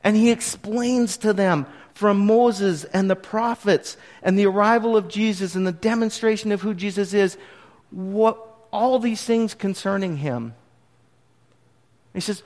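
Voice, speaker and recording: A man preaching a sermon, retelling scripture in an animated way that swings from hushed to emphatic. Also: high-pitched, unhurried, long reverb tail. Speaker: pastor.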